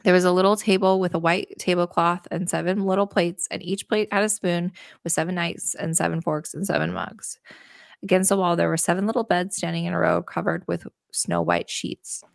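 A woman's voice: on the low side, fairly even intonation, fairly quick, vocal fry, dry recording, studio quality. A woman casually retelling a fairy tale as a podcast host, with sarcastic asides and the occasional swear word. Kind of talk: casual storytelling with commentary.

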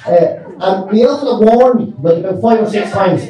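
A man's voice: sits high, animated, normal speed, dull audio. A man, a podcast co-host telling a childhood story, rambling, swearing and laughing. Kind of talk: casual storytelling chat. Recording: echoey room, distant mic, crowd behind.

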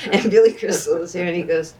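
Low-voiced woman telling stories from afar. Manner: animated, acts out quoted speech. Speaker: interview guest. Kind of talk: conversational storytelling. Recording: distant mic, faint ambience.

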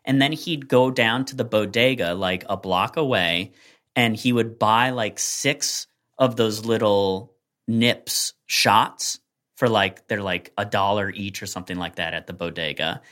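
A man co-hosting a casual podcast chat, telling a long anecdote in a rambling, animated way with lots of fillers. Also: fairly low pitch, a little slow. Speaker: podcast co-host.

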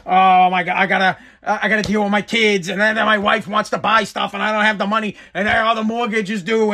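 A man delivering a heated, profane comedic rant as a show host. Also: sits high. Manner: profane, heated, animated ranting.

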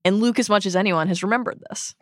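A woman's voice: mid-range voice, fast talker, no room sound, clean studio sound. A woman co-hosting a film podcast, retelling scenes in an effusive, emotional and dramatic way. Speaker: podcast co-host. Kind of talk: enthusiastic film-recap podcast chat.

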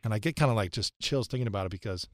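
A man's voice: lowish voice, racing, no room sound, clean studio sound. A man in his thirties, a podcast guest, telling a personal story in an earnest, reflective way and repeating phrases for emphasis. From United States.

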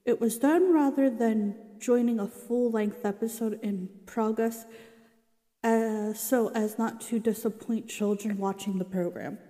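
A woman's voice: a little high, unhurried, dark tone, in a large hall. A young woman casually reading about an old sitcom and reacting, chatty and exasperated, with many asides. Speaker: vlogger reading and reacting to a show's history.

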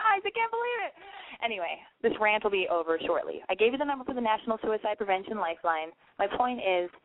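A woman's voice: lowish voice, no room sound. A young woman hosting a call-in advice show, blunt, profane and rambling, sounding nasal from a cold. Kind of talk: rambling online radio rant. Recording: tinny phone-like line, dry.

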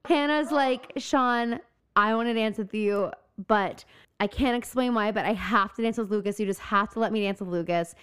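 A young woman co-hosting a podcast, retelling scenes in a lively chat and acting out the characters' lines. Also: medium pitch, moderate pace, clear, resonant tone. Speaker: podcast co-host. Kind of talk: casual recap chat.

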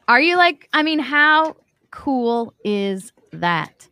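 A woman's voice: high voice, very animated, takes it slowly, sharp tone, smooth, dry recording. A woman hosting a commentary show, talking emphatically and acting out quotes as she reacts to a video. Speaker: show host.

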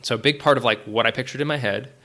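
A middle-aged man, a writer and director, talking casually as a podcast guest, animated, with many fillers and restarts. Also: medium pitch, very fast. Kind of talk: casual interview talk.

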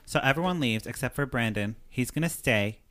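A man's voice: mid-range voice, expressive, fairly quick, fairly bright tone. A man co-hosting a podcast, recapping a movie in a rambling, filler-heavy way. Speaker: podcast co-host. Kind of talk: casual movie recap chat.

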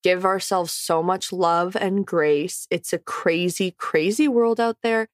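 A woman's voice: lowish voice, fairly even intonation, slow, dry recording, clean studio sound. A woman podcast host speaking earnestly and encouragingly, then reading the show credits. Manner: warm-hearted, earnest, encouraging. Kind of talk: casual chat and show credits.

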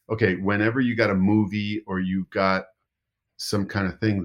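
A middle-aged man, an actor, telling rambling anecdotes in a casual interview, often restarting his sentences. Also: fairly low pitch. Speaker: actor guest.

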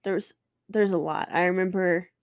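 A woman's voice: lowish voice, fairly even intonation, normal speed, creaky, no echo, clean studio sound. A woman in her twenties, a podcast host telling a personal story candidly and emotionally, swearing and restarting often.

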